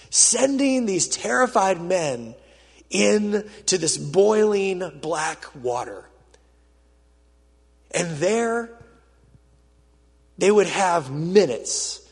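A male pastor preaching a sermon, telling the story dramatically and swinging from loud, urgent passages to hushed ones. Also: sits high, husky. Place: church auditorium with a screen. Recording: reverberant hall.

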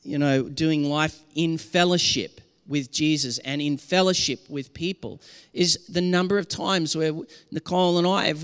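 A man's voice: on the high side, fairly bright tone, big-room sound. A man preaching a sermon as pastor, earnest and impassioned, often restarting his sentences.

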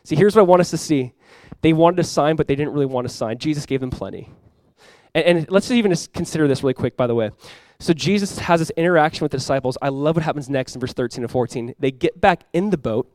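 A male pastor preaching a sermon in an animated way, acting out quoted voices and often repeating words as he goes. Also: a little high, fast, no room sound.

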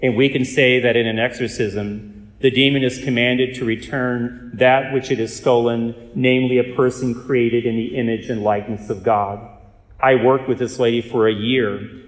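Earnest priest telling stories in an echoey hall. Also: male voice, medium pitch, steady tone. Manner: earnest, measured storyteller with dry humor. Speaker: Catholic priest and exorcist. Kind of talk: storytelling talk.

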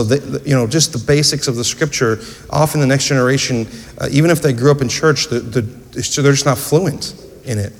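A man preaching a sermon in a church, earnest storytelling with rhetorical questions. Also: mid-range voice. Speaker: pastor. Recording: echoey church hall.

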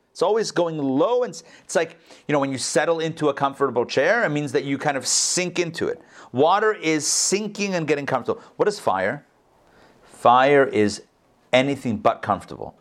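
A man giving an informal Torah class, animated, repeating phrases and answering his own questions. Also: fairly high pitch. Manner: coughs, gets excited.

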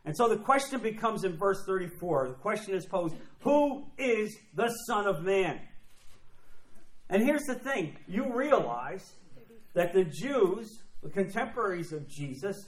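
A man preaching in an emphatic, repetitive sermon style, often slipping into quoted voices. His voice sits high, and the sound carries a roomy echo, as in a church sanctuary. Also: expressive, a little slow. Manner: emphatic, repeats phrases, acts out quoted voices. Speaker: pastor. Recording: echoey room.

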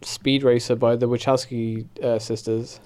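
A young man, co-hosting a casual podcast, relaxed, explaining what happens on screen and laughing easily. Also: mid-range voice, a little slow. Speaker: podcast co-host. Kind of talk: casual chat watching a TV show.

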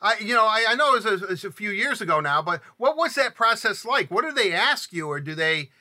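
An older man from Southeast Michigan hosting an interview, talking in halting, rambling sentences full of restarts. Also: high-pitched, very animated, pushed and bright. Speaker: podcast host. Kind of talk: conversational interview.

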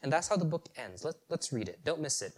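A man preaching a sermon, animated, asking rhetorical questions and chuckling at the story. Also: on the high side, fast.

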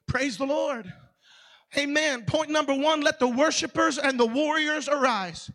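A man with a Southern American accent preaching a revival sermon in a church, in a preachy cadence that builds to shouting. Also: very high voice, unhurried, big-room sound. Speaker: pastor. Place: church hall.

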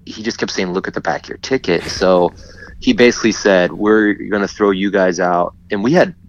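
A man telling a story in casual chat, animated and often laughing as he acts out what others said. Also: low voice, normal speed. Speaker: guest. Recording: dull lo-fi sound.

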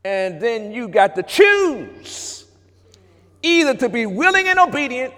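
A man preaching a sermon as pastor, moving from hushed passages to shouts and calling out to the congregation. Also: extremely high pitch, very animated, slow pace. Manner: preacherly, swings between hushed and shouted, talks back to congregation. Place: church sanctuary. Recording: long reverb of a church hall.

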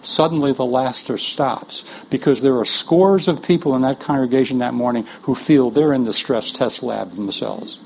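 A man's voice: medium pitch, moderate pace, gravelly, few pauses, darkish tone, a little hiss or hum. A man giving a lecture on preaching, emphatic and putting rhetorical questions to his listeners. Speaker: speaker teaching preachers.

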